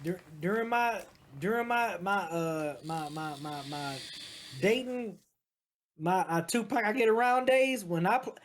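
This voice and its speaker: A woman's voice: mid-range voice, expressive, measured pace, slight background noise. A woman chatting as a guest, telling stories in an emphatic, profane way. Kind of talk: casual chat.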